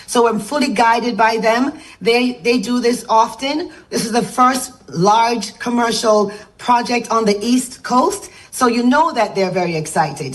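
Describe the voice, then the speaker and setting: Defensive woman answering interview questions. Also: a little high.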